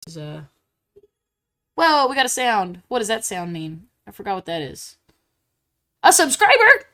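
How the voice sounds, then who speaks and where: A young woman streaming live while drawing, chatting casually and getting bubbly and squealy when excited. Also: mid-range voice, moderate pace.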